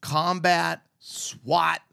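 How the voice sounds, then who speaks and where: A man's voice: a little high, flat delivery, extremely slow, creaky, bright, forceful tone, smooth. A man co-hosting a podcast, telling stories in a playful, joking way. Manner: playful, jokey storyteller. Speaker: podcast co-host. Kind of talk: casual chat.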